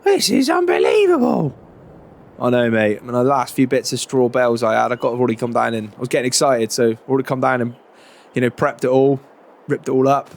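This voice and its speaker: A man's voice: medium pitch, level tone, quick pace. A middle-aged man chatting casually as a farmer character in a roleplay game, with a lot of fillers and plenty of "mate" and "proper chuffed".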